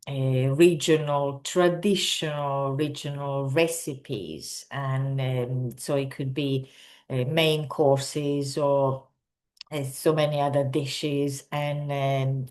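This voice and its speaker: A woman from Sardinia with an Italian accent, teaching in English in an unscripted talk full of ums, pauses and restarts. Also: extremely low pitch. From Sardinia, Italy. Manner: hesitant, many ums and restarts.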